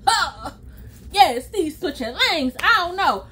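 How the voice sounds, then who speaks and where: A woman vlogger spins a storytime tale in a high, bright voice. She is animated and chatty, acting out quotes and tossing in sound effects as she goes. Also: takes it slowly, slight background noise. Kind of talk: storytime vlog.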